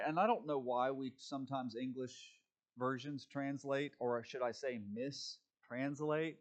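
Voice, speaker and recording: A man preaching a conversational sermon, folksy and chatty, with frequent fillers and restarts. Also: mid-range voice. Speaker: pastor.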